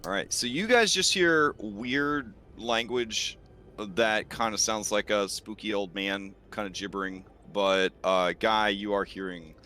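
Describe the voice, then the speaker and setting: A man acting as game master, narrating a tabletop game in a relaxed way with many fillers. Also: lowish voice, measured pace.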